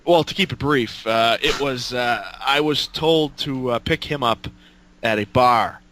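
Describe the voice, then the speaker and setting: Man, casual storytelling, profane and rambling, bright forceful voice. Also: mid-range voice, unhurried. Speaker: storyteller guest.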